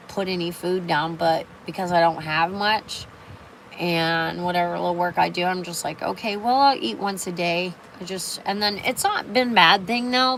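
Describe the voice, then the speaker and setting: A woman's voice: lowish voice, gravelly, a little hiss or hum, low-quality recording. An older woman talking on a casual livestream in a rambling way, with many fillers and restarts. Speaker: live streamer.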